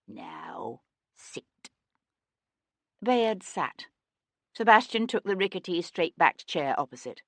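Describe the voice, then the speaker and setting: A woman narrating a historical crime novel as an audiobook, telling the story in an expressive way. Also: medium pitch, unhurried, no echo. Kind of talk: scripted narration.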